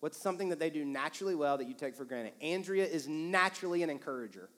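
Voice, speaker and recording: Male pastor, casual animated sermon, slightly high voice, big hall reverb. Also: fast. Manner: casual, animated, acts out quoted lines. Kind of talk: sermon with couple's banter. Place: church auditorium. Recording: long reverb of a church hall.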